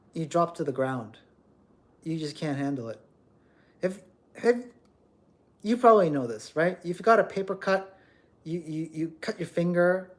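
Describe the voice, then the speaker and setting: Guy ranting on his livestream, blunt and preachy, repeats himself, voice jumps all over. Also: sits high. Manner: emphatic, repeats words, blunt and scolding. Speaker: livestream host.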